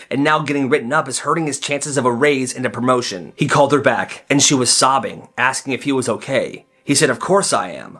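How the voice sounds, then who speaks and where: A man's voice: medium pitch, fairly bright tone. Young man telling a story conversationally. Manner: conversational, asks the audience. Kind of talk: storytime narration.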